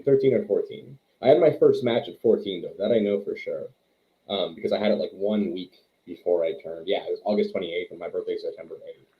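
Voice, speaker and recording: A man in his thirties from Quebec, telling rambling, self-deprecating stories as an interview guest. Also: sits low. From Quebec, Canada. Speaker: wrestler and trainer, guest. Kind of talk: casual interview storytelling. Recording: tinny phone-like line.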